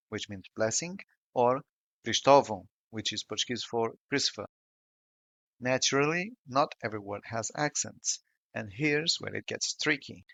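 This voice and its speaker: A man narrating a scripted pronunciation lesson, slowing down to model each example sound with care. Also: mid-range voice, vocal fry, fairly bright tone, dry recording. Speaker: language tutor. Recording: dull, lo-fi and dry voice-over.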